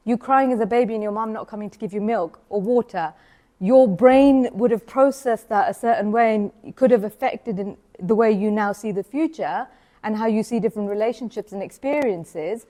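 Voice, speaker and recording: A woman's voice: fairly high pitch, warm tone. A woman, giving an earnest personal talk at an event and acting out the voices she quotes. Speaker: event speaker. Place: event hall.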